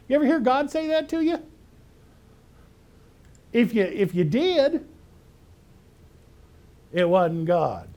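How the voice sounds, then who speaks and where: A man's voice: very high-pitched, sing-song, takes it slowly, pauses often, warm tone. A man preaching a sermon as pastor, emphatic and conversational, asking his listeners rhetorical questions.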